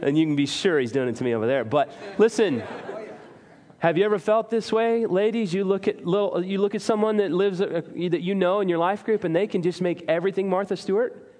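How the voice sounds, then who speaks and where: A male pastor with a high, light voice delivers a sermon in a church sanctuary. He preaches in an earnest, conversational way, joking at his own expense. His voice carries a long reverb from the hall around him. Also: brisk, darkish tone, some chatter behind. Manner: earnest, conversational preaching with self-deprecating humor.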